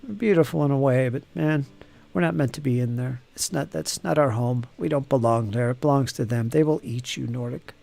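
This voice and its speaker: A man's voice: medium pitch, fairly quick, vocal fry, dark tone. A man hosting a live painting stream, chatting casually and teasing viewers as he reads their comments aloud. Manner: joking, teasing chatter with frequent laughs.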